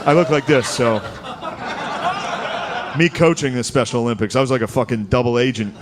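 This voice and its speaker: A man works through a crude stand-up comedy set, swearing freely and laughing as he talks. His voice sits in a middle register. Steady background noise runs under the recording. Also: medium pitch, a little fast. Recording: noisy recording.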